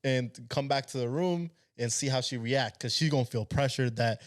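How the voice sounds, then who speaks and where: A young man in a casual podcast conversation, talking in a relaxed, easygoing way and often chiming in to agree. His voice is mid-pitched and ordinary, with nothing strained about it. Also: normal speed, hardly any pauses. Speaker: podcast co-host.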